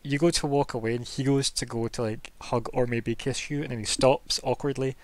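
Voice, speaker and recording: A man's voice: mid-range voice, fairly even intonation, brisk, dry recording. A man running a tabletop game as game master, narrating in a loose, rambling way. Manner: casual, rambling with fillers.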